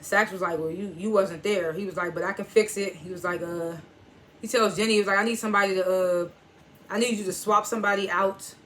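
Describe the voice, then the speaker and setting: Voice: medium pitch, fairly even intonation, fairly quick, fairly bright tone. A TV reviewer in AAVE, casually recapping an episode, retelling scenes line by line and chuckling at the twists. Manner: storytelling, quotes characters with "he was like"; chuckles and reacts while retelling.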